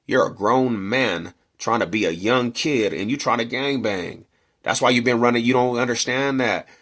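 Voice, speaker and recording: A man's voice: lowish voice, fairly bright tone. A middle-aged man from Denver telling a neighborhood story in slangy casual talk, acting out quotes and punches. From Denver, Colorado.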